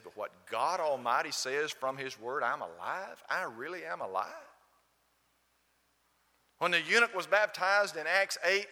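Animated high-voiced man preaching a sermon. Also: long reverb tail. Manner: emphatic, rhetorical questions to the congregation. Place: church building.

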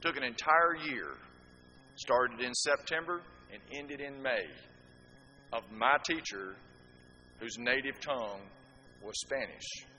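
A man's voice: mid-range voice, takes it slowly, pauses often, bright, forceful tone. A man preaching a sermon to a congregation, asking rhetorical questions and throwing in asides to the listeners. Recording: echoey hall with faint background noise.

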